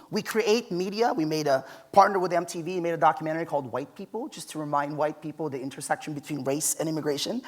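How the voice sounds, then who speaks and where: Man giving a storytelling keynote. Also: high-pitched. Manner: conversational storytelling, emphatic. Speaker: keynote speaker. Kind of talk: conference keynote with personal stories. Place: conference stage.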